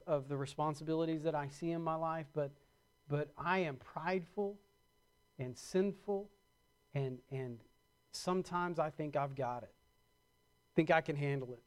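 Male pastor, middle-aged, high voice, preaches with mounting emphasis. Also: a little mellow, smooth. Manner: preaching with rising emphasis and quick acted-out asides. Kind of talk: sermon.

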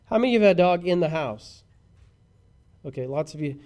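Pastor guy preaching, pretty high voice, gets fired up and quizzes the crowd. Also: expressive, brisk, darkish tone. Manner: preaching, rising to impassioned crescendos; asks the congregation questions directly. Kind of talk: sermon.

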